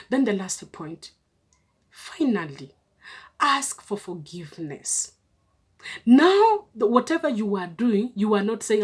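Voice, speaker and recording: A woman's voice: medium pitch, a little mellow, husky. A woman giving earnest relationship advice to viewers, coaxing them along and often checking in with a questioning "hmm?".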